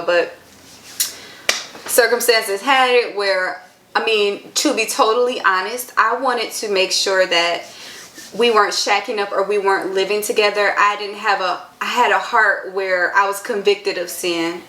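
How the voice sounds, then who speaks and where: A woman's voice: mid-range voice, fairly bright tone, roomy sound. A woman in her twenties chatting to camera in an earnest, chatty way with lots of filler words. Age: 20s. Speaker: vlogger. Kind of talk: casual chat to camera.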